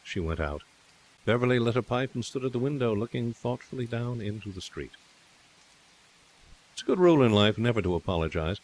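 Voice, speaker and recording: A man narrating a classic short story in a steady, measured reading. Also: mid-range voice, a little hiss or hum.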